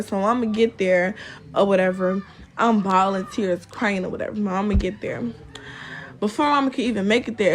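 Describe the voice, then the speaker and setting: Young woman ranting through a storytime to camera, mid pitch, lots of y'all and or whatever. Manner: chatty and exasperated, addresses viewers as y'all, fills with "or whatever". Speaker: storytime vlogger.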